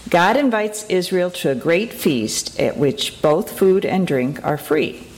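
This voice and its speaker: Low, gravelly woman reading scripture. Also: lively intonation, slow, darkish tone, rough recording. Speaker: lector. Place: church sanctuary.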